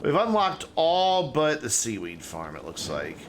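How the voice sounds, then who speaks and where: Streaming a city-building game, a man chats casually and thinks out loud, sentences wandering and trailing off. His mid-range voice is unhurried with huge pitch swings, and there's a little hiss or hum.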